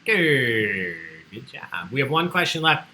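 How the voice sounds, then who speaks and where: A man's voice: mid-range voice, very animated, slow pace, bright, forceful tone, rough recording. A man hosting an online trivia livestream, chatty and joking as he reads out the answers people sent in. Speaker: trivia host.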